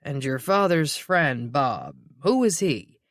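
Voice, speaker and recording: A puffy middle-aged detective, voiced by the audiobook narrator, calm and courteous. He asks questions slowly and politely. Dry, close recording. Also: medium pitch, no echo. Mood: probing.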